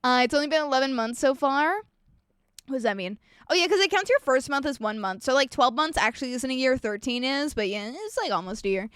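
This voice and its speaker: A young woman with a high voice talks to her live-stream chat, swearing freely and ranting in an animated way. The sound is dry and close, with no room around her. She jumps between stories and chat messages. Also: fairly quick, clean tone, no room sound. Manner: reads and answers chat messages.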